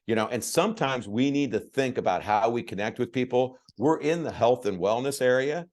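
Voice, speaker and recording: A man leading a coaching call, telling stories with energetic emphasis and repetition. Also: medium pitch, a little fast.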